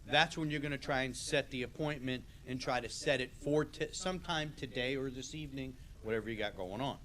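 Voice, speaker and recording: A man's voice: mid-range voice, a little fast, hardly any pauses, a bit bright, a little hiss or hum. A man teaching a sales training class in a casual lecture style, often checking in with "okay?".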